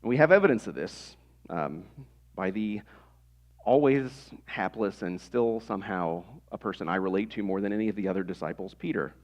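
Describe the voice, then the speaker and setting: A man's voice: fairly low pitch, lively intonation, normal speed, a little mellow. A man in his thirties preaching a sermon in a conversational way, with rhetorical questions to the congregation. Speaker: pastor.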